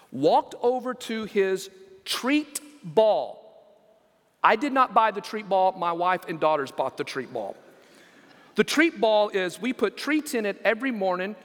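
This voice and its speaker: A man pastor preaching a sermon, telling stories and acting out quotes with lively emphasis. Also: high voice. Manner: animated storytelling with acted quotes. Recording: reverberant church hall.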